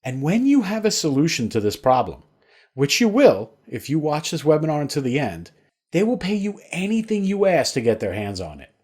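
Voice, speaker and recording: A man's voice: on the high side, sing-song, normal speed, a little mellow, slightly rough. A man narrating a scripted sales webinar in a persuasive, storytelling way.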